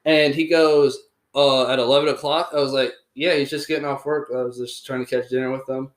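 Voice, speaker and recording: A man's voice: mid-range voice, little pitch movement, fairly quick. A young man, telling a story as a podcast host in casual, rambling chat full of fillers and swearing. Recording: roomy echoey room.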